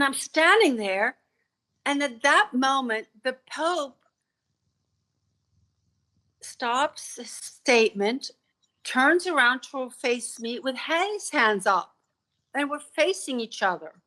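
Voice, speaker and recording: A woman's voice: on the high side, sharp tone. A woman telling a personal story as a podcast guest, vivid and earnest, stumbling over repeated words when moved.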